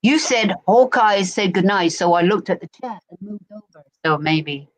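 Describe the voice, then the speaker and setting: A woman's voice: medium pitch, animated, normal speed. Chatty woman, casual storyteller, mid-range voice, guest on a live chat. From England, Berkshire. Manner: chatty storyteller, keeps asking "do you know what I mean". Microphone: no external mic plugged in.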